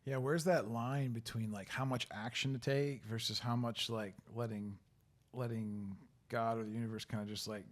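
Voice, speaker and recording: A man's voice: medium pitch, fairly even intonation, moderate pace. A man hosting a podcast, asking questions in a casual, rambling way with lots of "like" fillers. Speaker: podcast host. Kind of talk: casual interview chat.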